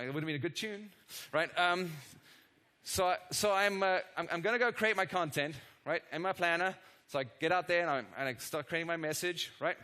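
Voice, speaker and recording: Bright-voiced energetic male keynote presenter. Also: a little high. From not from the United States. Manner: energetic, keeps checking in with tag questions; self-deprecating asides to the audience. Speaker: conference presenter. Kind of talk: live product demo keynote. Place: conference stage before a live audience.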